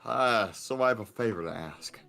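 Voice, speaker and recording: A man's voice: on the low side, lively intonation, moderate pace, creaky, sharp tone. A man bantering casually on a voice-acting stream, swearing and laughing. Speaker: dub actor.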